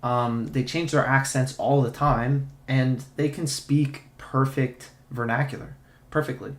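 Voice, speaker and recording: A man's voice: medium pitch, steady tone, a little slow. Sarcastic ranting man, roomy sound. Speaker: streamer. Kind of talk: casual live-stream commentary. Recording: roomy echo.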